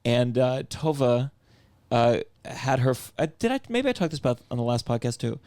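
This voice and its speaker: A man hosting a podcast in casual chat, joking with quick asides. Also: medium pitch, sing-song, darkish tone, dry recording. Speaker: podcast host.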